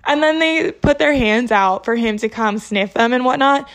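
A young woman casually telling a story to her viewers, exasperated and animated, acting out the people she quotes. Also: on the high side, normal speed.

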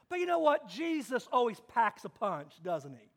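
A man's voice: very high voice, big pitch swings, normal speed. A man pastor preaching a sermon to his congregation, dramatic and emphatic, repeating key phrases.

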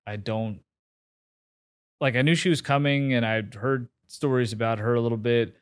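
This interview guest, a man in his forties, spins a self-mocking tale on a podcast, cursing casually and full of fillers and restarts. He speaks at a moderate pace in a smooth mid-range voice, recorded in a clean studio without echo.

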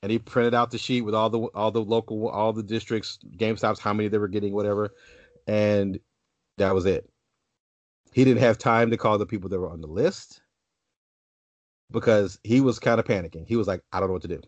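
A podcast co-host, a man with a fairly low voice, rambles through a long story full of restarts and asides, speaking briskly with a slightly mellow tone and mostly even intonation. The recording is dull, lo-fi and dry, with no echo.

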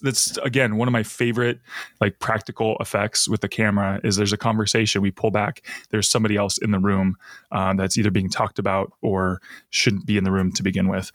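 A man's voice: fairly low pitch, fairly bright tone, no echo, studio quality. A man hosting a podcast, casually recapping a TV episode and laughing often as he retells scenes. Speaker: podcast host.

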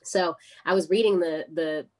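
A woman's voice: on the low side, normal speed, husky. An American woman, a guest actress, telling stories in a casual interview and acting out the voices of the people in them. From United States. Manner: animated, acts out quoted voices of people in her stories.

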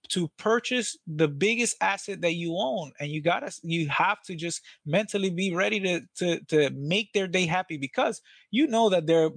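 Man, interview guest, energetic, blunt, casual swearing, dry close sound. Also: a little high, no echo. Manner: energetic, profane, acts out phone calls. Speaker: guest, real estate sales trainer.

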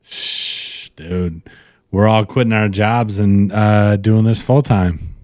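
A man's voice: on the low side, steady tone, slow, darkish tone, no room sound, studio quality. A man co-hosting a casual podcast, slurring a little as he rants in a profane, fired-up pep talk. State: slightly slurring, tipsy. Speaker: podcast co-host.

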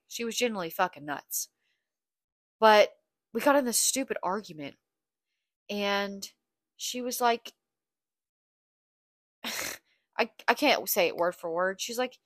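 A woman's voice: fairly low pitch, a bit bright, dry recording, clean studio sound. A young woman hosting a podcast, talking in a blunt, candid, profane confessional monologue. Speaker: podcast host.

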